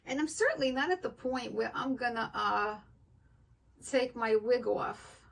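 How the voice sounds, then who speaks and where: Gravelly chatty older woman, distant mic. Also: fairly high pitch, a little slow, a little hiss or hum. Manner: chatty, animated, acts out both sides of the story. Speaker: wig vlogger. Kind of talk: casual storytelling to viewers.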